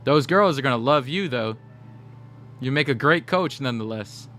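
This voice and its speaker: A man's voice: mid-range voice, lively intonation, moderate pace, a bit bright, faint music behind. A young man chatting casually with his stream viewers, telling stories and talking straight to the chat. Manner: chatty, storytelling, talks to chat. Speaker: gaming livestreamer.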